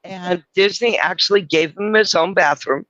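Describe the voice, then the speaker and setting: A man's voice: sits high, normal speed, pushed and bright, dry recording, dull audio. A man from California, hosting a live stream and telling rambling stories in casual banter, swearing freely. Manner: chatty storyteller, swears freely.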